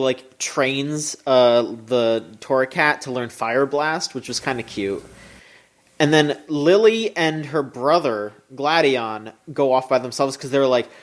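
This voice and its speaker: A podcast co-host in casual chat, recapping an anime episode, animated and swearing freely. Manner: animated and swearing, pitch jumping up when excited.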